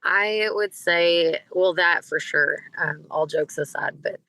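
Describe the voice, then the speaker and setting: A woman, a singer and podcast guest, telling stories in a casual, animated way and acting out the people she quotes. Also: fairly low pitch, slow pace, creaky, dry recording, low-quality recording. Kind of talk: casual storytelling in an interview.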